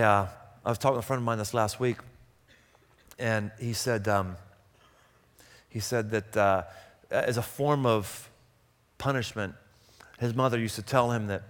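A man's voice: fairly low pitch, fairly even intonation, unhurried, long pauses, a bit bright, long reverb tail. A man preaching a sermon, telling stories and breaking into impassioned, rising outbursts. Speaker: pastor.

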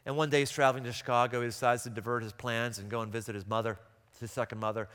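A man preaching a sermon in a large hall, his voice carrying a long reverb. His tone is bright and forceful, and he swings from calm storytelling into impassioned outbursts. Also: medium pitch, racing. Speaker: pastor.

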